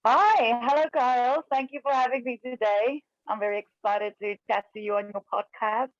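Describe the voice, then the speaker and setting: A chatty South African woman whose accent drifts toward American. She laughs easily and talks in a lively, loose way, heard dry and close on a slightly dull, lo-fi recording. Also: a little high, moderate pace, no room sound. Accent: South African with American influence. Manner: laughs often, chatty and animated. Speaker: guest. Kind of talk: casual chat.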